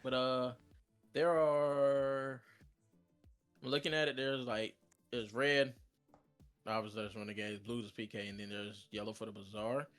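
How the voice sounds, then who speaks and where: A man's voice: mid-range voice, flat delivery, measured pace, long pauses, fairly bright tone, soft background music. A man co-hosting a gaming podcast, talking loosely with lots of fillers and easy laughter. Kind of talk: casual chat.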